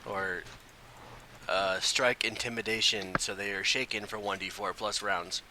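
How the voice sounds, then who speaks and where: A man's voice: on the low side, fairly even intonation, measured pace, noisy background. A man playing in a tabletop game, joking and playful. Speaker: player. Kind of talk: casual tabletop play.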